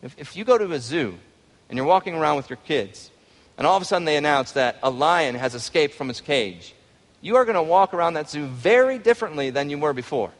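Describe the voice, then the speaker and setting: A male pastor delivers an impassioned sermon, his voice sitting a little high for a man. He moves between quiet, earnest reflection and loud, pleading passages. Long reverb trails each phrase as if in a large church hall. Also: lively intonation, fairly quick. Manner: impassioned preaching, rising to pleading cries.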